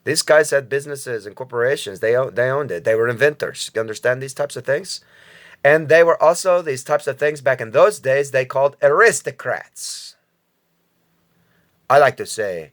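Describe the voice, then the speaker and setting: A man's voice: mid-range voice, animated, moderate pace, fairly bright tone. A man from the United States giving a rambling, casual vlog monologue, talking straight to his viewers with frequent profanity and chuckles. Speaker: vlogger commentator.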